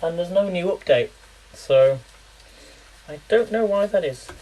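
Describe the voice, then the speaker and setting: This English home cook streams live, speaking unhurriedly in a high-sitting, animated, mellow voice through poor audio. His relaxed cooking chat wanders, breaks into laughs, and repeatedly becomes little word puzzles for his viewers.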